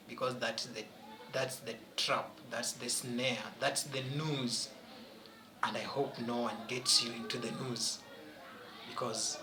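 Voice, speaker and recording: A man's voice: mid-range voice, echoey room, low-quality recording. A man teaching a French exam-prep lesson, emphatic and questioning his students as he goes.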